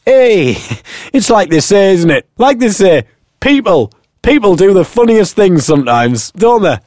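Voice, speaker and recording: A man's voice: high voice, big pitch swings, measured pace, darkish tone, no room sound, studio quality, pitched above the performer's own voice. A man voicing a chatty, opinionated middle-aged taxi driver who keeps saying "hey" and tacks questions onto his remarks. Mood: chuckling, folksy.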